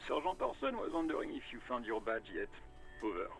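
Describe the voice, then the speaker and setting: A man's voice: mid-range voice, very animated, brisk, creaky, soft background music, low-quality recording. An actor playing a male police radio dispatcher in a video game, speaking in dry, formal radio talk.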